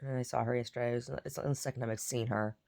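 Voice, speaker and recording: Rambling woman with a gravelly voice. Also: a bass voice, fairly even intonation, rapid-fire, a little mellow. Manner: meandering, repeats words, mutters asides. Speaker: vlogger. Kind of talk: casual rambling chat.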